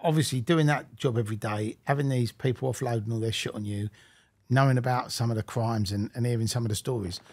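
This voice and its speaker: A man hosting a podcast interview, giving brief acknowledgements and asking halting, restarting questions. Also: medium pitch, fairly even intonation, darkish tone, husky, dry recording. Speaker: podcast host.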